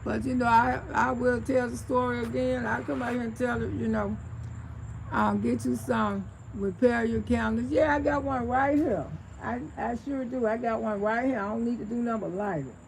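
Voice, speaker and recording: A gravelly-voiced woman, chatting on a livestream from home. She tells stories and answers her viewers as she goes, laughing often, with faint noise behind her on a phone mic. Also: fairly high pitch, steady tone, moderate pace, low-quality recording. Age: 60s. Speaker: livestream host. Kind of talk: casual livestream storytelling.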